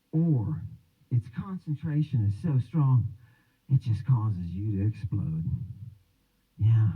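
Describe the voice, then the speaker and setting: A man's voice: medium pitch, husky. A man hosting a livestream, lecturing in a rambling, theatrical way with mocking asides. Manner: theatrical, swinging between musing and mocking asides. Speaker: host of a religion and language livestream. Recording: thin, phone-like sound.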